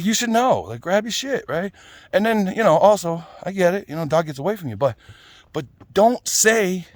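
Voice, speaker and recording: A man's voice: fairly high pitch, no room sound. A man ranting casually, blunt and swearing, often tagging "right?" and "you know?". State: out of breath at times. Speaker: vlogger.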